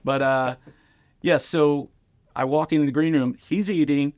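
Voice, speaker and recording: A man's voice: on the high side, fairly even intonation, measured pace, darkish tone, dry recording, clean studio sound. A middle-aged man, a comedian, telling casual stories on a podcast and acting out the voices of other people in his quotes. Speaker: comedian guest.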